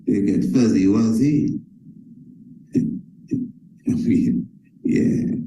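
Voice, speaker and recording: Man, motivational sales coach, mellow emphatic voice, repetitive delivery, echoey room. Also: medium pitch, very animated, slow, long pauses. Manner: emphatic and repetitive, addresses listeners as family.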